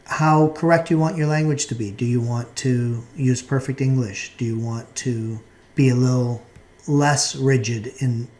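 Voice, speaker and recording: A man giving a recorded course lecture in a measured, explanatory way, now and then restarting a phrase. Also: medium pitch, mellow.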